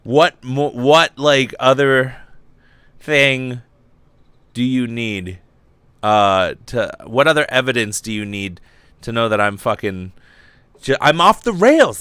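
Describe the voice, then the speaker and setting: A man's voice: medium pitch, expressive, slow, long pauses, fairly bright tone, smooth, dry recording. A young man hosting a casual livestream podcast, rambling and giddy, lightheaded from fumes, swearing freely. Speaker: podcast host.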